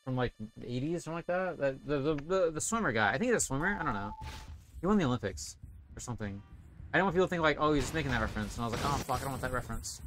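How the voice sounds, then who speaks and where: A man's voice: mid-range voice, animated, rapid-fire, a bit bright, faint music behind. A young man casually commentating a video game stream, rambling and swearing often.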